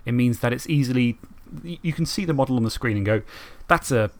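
A man's voice: mid-range voice, quick pace. Chatty man on a podcast. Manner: chatty, rambling, laughs often. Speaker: podcast co-host. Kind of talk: casual chat about tabletop and video games.

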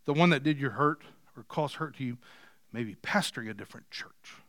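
A male pastor preaching a sermon, moving from quiet scripture reading to loud, emphatic points. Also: mid-range voice, a little fast, no room sound, studio quality. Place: church.

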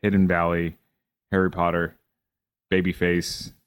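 A young man co-hosting a podcast, deadpan and dry in casual joking chat. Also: low-pitched, unhurried, clear, resonant tone, no room sound. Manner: dry, deadpan list-reading. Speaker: podcast co-host.

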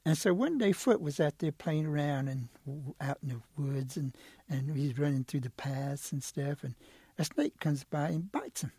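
A man's voice: on the high side, normal speed, dark tone, breathy edge, dry recording. A middle-aged man telling folk stories aloud, rhythmic and playful, sometimes tripping over his words. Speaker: storyteller. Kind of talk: oral storytelling.

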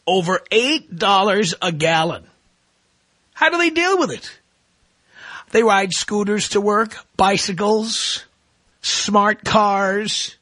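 Middle-aged radio host guy mocking callers, sharp bright tone, dead dry studio sound. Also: high-pitched, no room sound. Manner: ranting, mocking, sarcastic. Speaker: radio talk show host. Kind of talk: opinionated talk radio monologue.

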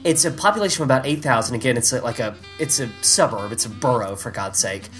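Male podcast host, animated and exasperated, with a lively pitch and faint music underneath. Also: fast talker. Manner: animated storytelling with exasperated asides. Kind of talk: casual chat.

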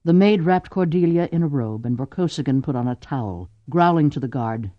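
A man reading an audiobook with expressive narration. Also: fairly high pitch, fairly quick, no echo, highs cut off. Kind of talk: scripted narration.

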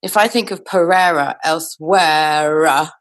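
A woman musician talking in a casual interview over a video call, reflective and quick to laugh. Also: deep voice. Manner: reflective, laughs easily, says "you know". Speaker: musician guest.

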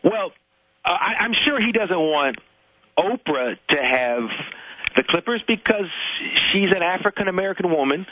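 A man's voice: high-pitched, normal speed, dull audio, a little hiss or hum. A man, a guest comedian, telling stories in a casual radio interview, often repeating words as he gets going. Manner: animated storyteller, repeats words when starting.

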